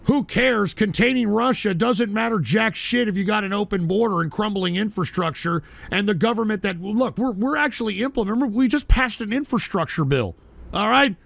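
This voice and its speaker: A man hosting a politics livestream, talking bluntly and profanely in a casual rant that erupts into shouting. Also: sits high, fairly quick, gravelly, no echo. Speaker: host of a call-in politics show.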